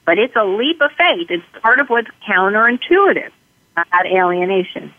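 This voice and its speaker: A woman's voice: mid-range voice, moderate pace, no echo. Woman explaining steps over a tinny phone line. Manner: calm, explains in numbered steps, acts out sample dialogue. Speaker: parenting expert guest. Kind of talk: interview answers.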